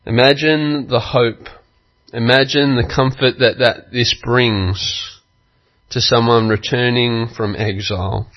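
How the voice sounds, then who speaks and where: Slow, earnest male pastor preaching. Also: mid-range voice, fairly even intonation, lo-fi sound. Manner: slow, earnest storytelling with acted quotes. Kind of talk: sermon.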